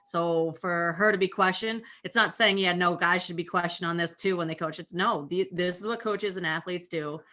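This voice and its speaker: A woman coach speaking as a guest on a panel over a video call, animated and fast-flowing. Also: lowish voice. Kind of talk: panel discussion.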